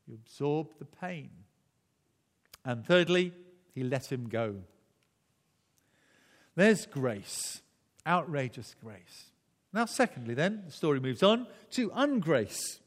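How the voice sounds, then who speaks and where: Man, preacher, sermon, chatty restarts, lively intonation, long hall reverb. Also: a little high. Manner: conversational, with frequent restarts and chuckles.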